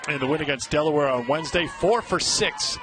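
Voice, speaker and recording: A man calling a youth softball game play by play, upbeat and lifting his voice on big plays. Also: fairly high pitch, fairly quick. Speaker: play-by-play announcer. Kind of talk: live baseball commentary. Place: outdoor ballpark broadcast booth. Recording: crowd noise and outdoor din. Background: crowd and outdoor ambience.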